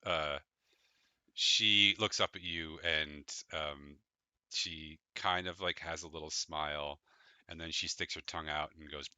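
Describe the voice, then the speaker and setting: Very deep-voiced man running a tabletop game. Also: fairly even intonation, measured pace, pushed and bright, clear, resonant tone, no room sound. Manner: hesitant, many fillers. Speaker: game master.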